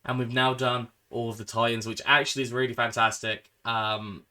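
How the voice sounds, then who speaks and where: A man's voice: mid-range voice, level tone, moderate pace, bright, forceful tone. A man giving casual, heartfelt gameplay commentary as a channel host, rambling and trailing off into fillers. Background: game music.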